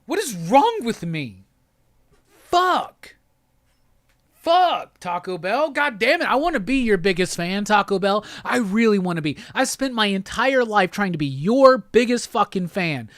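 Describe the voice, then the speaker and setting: A man's voice: high-pitched, big pitch swings, moderate pace, few pauses, fairly bright tone, no room sound, clean studio sound. A man hosting a live pop-culture stream, ranting with lots of profanity and exasperation. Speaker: host.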